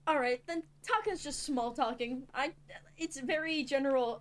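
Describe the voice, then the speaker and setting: A woman's voice: high-pitched, normal speed. A woman plays a tabletop role-playing game, describing her character's moves. She stalls with ums and restarts often. Her voice sits a little above the usual for a woman. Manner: hesitant, many "um" and restarts. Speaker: player.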